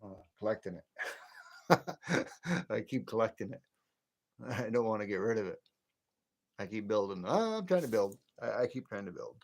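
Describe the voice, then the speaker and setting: He speaks in an animated voice on the low side, a little mellow, at a moderate pace with frequent pauses. This late-fifties man from near the Canadian border in the northern US rambles and chats on a late-night livestream, chuckling to himself.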